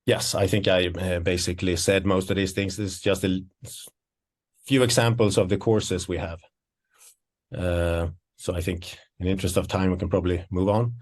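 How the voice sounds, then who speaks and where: A man with a fairly low voice presents university programmes in an online webinar. He sounds a little winded and explains in a hesitant, searching way. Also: a little mellow. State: out of breath. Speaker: associate professor presenting programmes.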